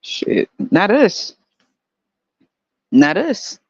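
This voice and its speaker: A woman's voice: deep voice, lively intonation, moderate pace, dark tone, dull audio. A woman in her thirties hosting a podcast, talking blunt and profane, mocking others and laughing. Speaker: podcast host. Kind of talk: casual solo commentary.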